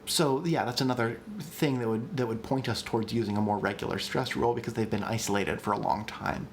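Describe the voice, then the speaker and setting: Man thinking out loud on a stream. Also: medium pitch, steady tone, fairly quick, a little hiss or hum. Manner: thinks out loud, many ums and restarts; answers chat questions as they come in. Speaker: streamer teaching language creation. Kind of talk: live-streamed casual lecture.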